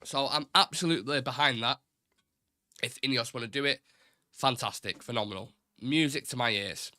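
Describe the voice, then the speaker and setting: A young man from Salford, Greater Manchester, speaks at medium pitch with a Mancunian accent, recorded cleanly in a studio with no echo. He hosts a live fan talk show, reading viewer comments and chat questions off the stream. His delivery is blunt, opinionated, fast and animated, and he swears.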